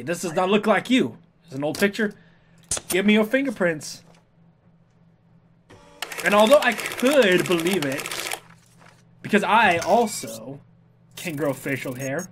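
A man with a notably high voice narrates his gameplay in a loose, goofy way. He talks back to the characters and hums little tunes while he plays, and a faint noise sits under his voice. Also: lively intonation, unhurried, pauses often, fairly bright tone. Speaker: let's player. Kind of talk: casual gameplay commentary.

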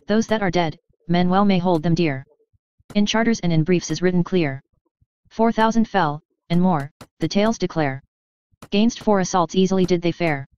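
A woman reading an epic poem aloud in a measured, steady recitation. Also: fairly low pitch, smooth, highs cut off. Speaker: reader.

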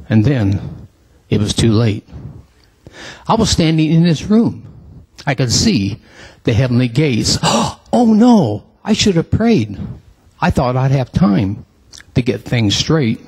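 Husky man reciting a pleading poem. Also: medium pitch, a little mellow. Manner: emotional, pleading, rising to cries. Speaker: poem reader in church.

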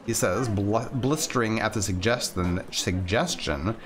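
A man's voice: lowish voice, a little slow, a crowd in the background. A man reading a visual novel aloud, voicing its characters and stumbling over names with asides. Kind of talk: reading game text aloud with voiced characters.

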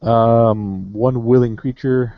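A man's voice: mid-range voice, fairly even intonation, slow pace, no echo, highs cut off. A man running an online tabletop game as game master, talking casually with many fillers.

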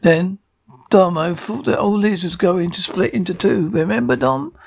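Guy doing a jolly old space miner, coaxing, repeats himself, gravelly. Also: high voice, moderate pace, full character voice.

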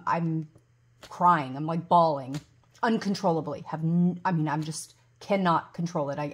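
Lower-voiced woman rambling in a vlog. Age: 40s. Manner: rambling, many ums and restarts; gushes loudly over gifts. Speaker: budgeting vlogger. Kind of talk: casual vlog chat.

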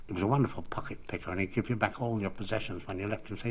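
An older man in his sixties spins cricket anecdotes in a low, easy voice. He takes his time and sounds gently amused, and he clearly enjoys slipping into the words of the people in his stories. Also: steady tone. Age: 60s. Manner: unhurried, gently amused, relishes quoting others. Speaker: cricket broadcaster. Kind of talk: anecdotal storytelling.

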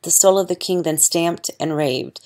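A woman reading scripture aloud as an audiobook, measured and solemn. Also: lowish voice, fairly even intonation, warm tone. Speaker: audiobook reader.

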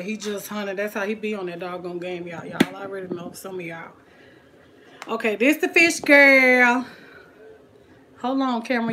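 A woman talking to viewers in a relaxed way while she cooks in her home kitchen, with frying sizzling behind her. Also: on the high side, a little hiss or hum. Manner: chatty, talks to viewers and family at home. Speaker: cooking vlogger. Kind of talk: casual cooking vlog.

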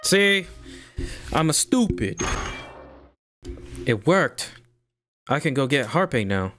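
A man casually commenting as he plays a game, talking to himself and reacting loudly. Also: mid-range voice, very animated, unhurried, a little hiss or hum. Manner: talks to himself, hums melodies, jumpy reactions. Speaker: streamer playing a game. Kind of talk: casual let's-play commentary. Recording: game music playing behind.

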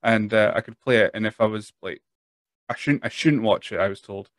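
A man's voice: on the low side, brisk, no room sound, clean studio sound. Chatty Scottish man hosting a podcast. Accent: Scottish, Speyside. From northeast Scotland. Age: 30s. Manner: rambling, self-deprecating, frequent restarts. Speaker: podcast host. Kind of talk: casual interview chat.

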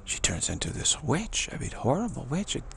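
A man speaking in a rambling spiritual monologue, halting and restarting, with mocking asides. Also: medium pitch, huge pitch swings, gravelly, fairly bright tone, a little hiss or hum.

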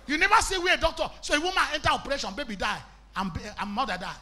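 A Nigerian man preaching a sermon as an evangelist, impassioned and breaking into shouts, with Pidgin mixed into his English. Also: very high voice, big pitch swings, racing.

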